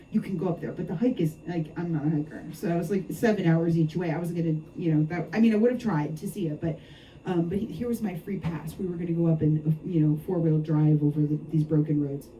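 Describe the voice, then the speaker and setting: Woman novelist, dark mellow voice, distant mic. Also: on the low side, fairly quick, a little hiss or hum. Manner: lively anecdotal, frequent laughs and asides. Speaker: novelist discussing her book. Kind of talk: storytelling talk at a book event. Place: bookshop event.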